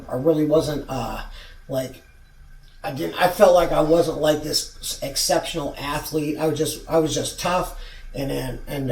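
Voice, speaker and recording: A man in his forties telling a rambling, profane story from his own past in a casual vlog. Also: fairly high pitch. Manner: rambling, profane, restarts a lot. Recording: roomy sound, far from mic.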